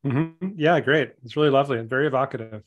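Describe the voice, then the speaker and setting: A man's voice: medium pitch, fast, muffled recording. Man, instructor, easygoing and encouraging, heard over a video call. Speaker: workshop instructor. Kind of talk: giving feedback on a video call.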